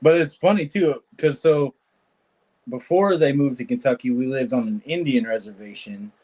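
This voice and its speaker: A man's voice: medium pitch, normal speed, darkish tone, poor audio. A man from California with a Californian accent, hosting a livestream and chatting casually, laughing often as he tells jokey stories. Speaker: livestream host. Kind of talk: casual chat while wrenching.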